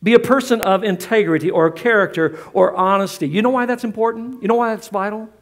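High-voiced emphatic preaching man. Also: brisk. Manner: emphatic, repeats key lines. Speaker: pastor. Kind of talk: sermon. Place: church.

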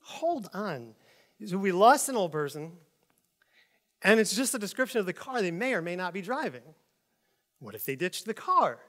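Speaking at a normal pace with long pauses, a middle-aged pastor with a bright, high voice delivers a story-filled sermon. He addresses his congregation comfortably, slipping into character voices and at times shouting them out.

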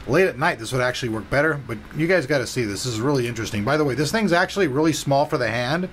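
A man's voice: medium pitch, animated, very fast, a bit bright, slight background noise. A man hosting a casual, enthusiastic tech unboxing review, talking to viewers with a sore throat. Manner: chatty, enthusiastic, talks straight to viewers. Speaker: tech reviewer and channel host.

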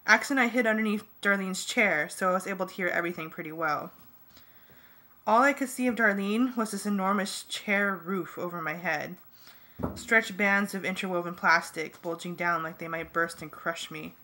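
A woman reading a fan audiobook in the first person, lively and jokey. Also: fairly low pitch, normal speed. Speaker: audiobook reader.

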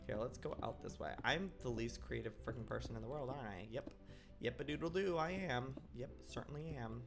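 A young man in his twenties giving excitable let's-play commentary, dramatic and given to silly exclamations and mock-outraged shrieks. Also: mid-range voice, fairly quick, creaky, music in the background. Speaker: gaming YouTuber.

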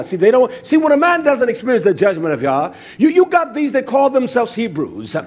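A man preaching a fiery sermon, blunt and cursing freely, swinging from shouts to hushed tones. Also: very high-pitched, huge pitch swings, fairly quick, few pauses, breathy edge, lo-fi sound.

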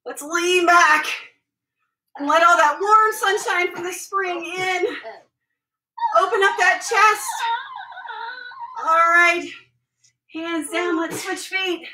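A woman leads a home workout, a mother counting reps and calling out stretches with cheerful encouragement. Her voice sits high and bright. She is recorded from across an echoey room at home, set back from the camera. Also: slow, pauses often, slight background noise. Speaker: mother leading a family workout. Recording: echoey room, voice from far off the mic.

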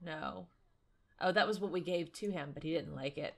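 A woman commentating a life-simulation game, chatty and excitable, talking to her viewers and to the characters on screen. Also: low-pitched, moderate pace. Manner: excitable, squeals and laughs at surprises. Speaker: gaming YouTuber. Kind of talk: let's play commentary.

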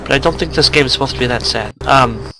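A man hosting a let's play, commentating the game in an excitable, joking way and yelping at it. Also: medium pitch, fast, soft background music, low-quality recording. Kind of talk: gameplay commentary.

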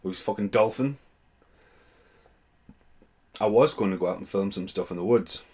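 A man's voice: on the low side, normal speed, a little mellow, slightly rough. A young man rambling and swearing as he reacts to voice messages. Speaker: vlogger. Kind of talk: casual reaction commentary.

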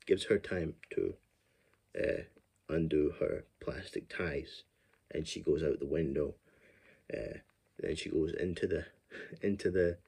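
A man with a fairly low voice talks through a horror film's plot in a loose, rambling way. He swears freely and breaks into laughter as he goes. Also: warm tone, breathy edge. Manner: rambling, profane, laughs often. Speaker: film reviewer. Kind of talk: casual movie recap.

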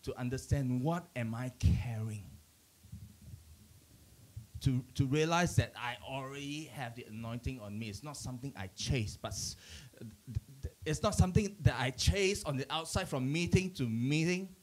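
A middle-aged man, a pastor, giving a conversational church teaching with animated storytelling, restarting his sentences often and chuckling. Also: mid-range voice, normal speed.

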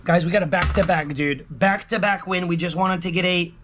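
Man, lottery vlogger, high voice, sharp tone, exclamatory, repetitive, hushed to yelling. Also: a little fast, slight background noise. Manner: exclamatory, keeps repeating himself and calling out to viewers; swings between hushed murmuring and yelling. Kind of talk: excited casual vlog commentary.

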